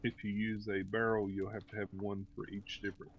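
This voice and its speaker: A man chatting on a voice call while gaming, calmly explaining options step by step. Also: fairly low pitch, fairly quick, muffled recording. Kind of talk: casual gaming chat.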